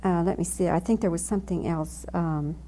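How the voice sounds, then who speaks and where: A woman's voice: brisk, dark tone, slight background noise. Eager woman interviewer. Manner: eager, questions rise high in pitch. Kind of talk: press junket interview.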